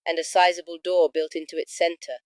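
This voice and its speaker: A man's voice: fairly high pitch, flat delivery, a little fast, no echo, voice pushed up, close to an everyday voice. A man voicing a clever female Time Lord with a sarcastic, slightly smug manner. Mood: dry.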